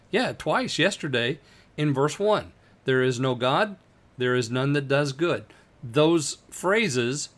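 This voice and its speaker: A man teaching a Bible lesson in a relaxed, conversational way, slowing down to read scripture verses aloud with emphasis. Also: mid-range voice.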